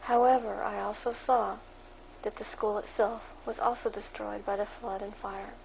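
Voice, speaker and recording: Woman, reading aloud from her blog, monotone, slightly high voice, faint background hiss. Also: normal speed, vocal fry, low-quality recording. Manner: monotone reading, then more emphatic commentary. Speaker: Christian blogger reading her dream journal.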